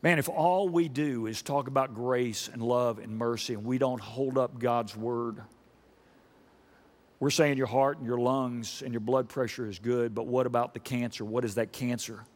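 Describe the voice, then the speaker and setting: A man preaching a sermon emphatically, asking the congregation questions and building up to loud repeated stresses. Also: mid-range voice, fairly even intonation, normal speed. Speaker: pastor. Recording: long reverb of a large hall.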